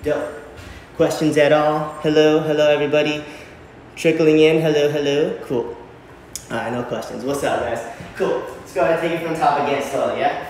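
A man's voice: a little high, steady tone, fairly quick, a little hiss or hum. A young man teaching an online dance class, counting steps and ending lines with a casual "yeah?". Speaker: dance instructor. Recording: echoey room from far off.

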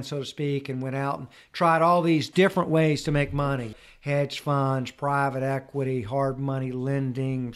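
A man's voice: medium pitch, clear, resonant tone. A man, a wealth advisor, chatting as a podcast guest and telling stories from his own past. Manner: storytelling, acts out quotes. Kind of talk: casual podcast interview.

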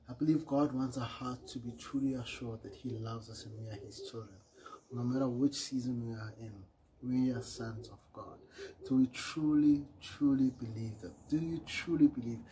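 Earnest male preacher, soft trailing phrases. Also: mid-range voice, slight background noise, low-quality recording. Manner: earnest and repetitive, often trailing off quietly at phrase ends; reads scripture aloud, correcting himself with small apologies. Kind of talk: short devotional sermon.

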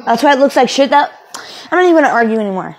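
A woman's voice: sits high, animated, very fast, poor audio. A woman playing a bitter, swearing young woman. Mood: angry. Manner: swearing, ranting, sarcastic. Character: bitter, volatile young woman kicked out by family. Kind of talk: amateur film acting.

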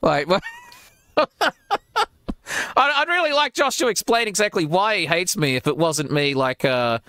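A man's voice: high voice, expressive, unhurried, bright, forceful tone, no room sound. A man hosting a casual livestream chat, rambling and crude, often mocking people with put-on voices. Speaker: podcast host.

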